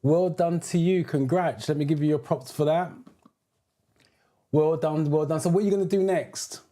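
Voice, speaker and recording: Speaking at a moderate pace in a warm, slightly high voice, a British man who teaches driving theory runs a live stream. He welcomes viewers by name, reads out what they comment, and gives them advice.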